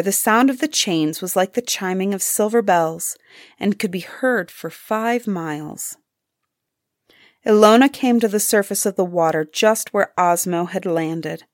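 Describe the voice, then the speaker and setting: A woman narrating a fairy tale aloud in an expressive storybook style. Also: mid-range voice, no echo, clean studio sound.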